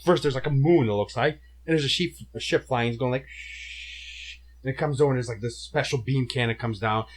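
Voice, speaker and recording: A man's voice: mid-range voice, fast talker, a little hiss or hum. A man co-hosting a casual movie review, retelling the plot with mouth sound effects and stumbling restarts. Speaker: co-host of a movie review show.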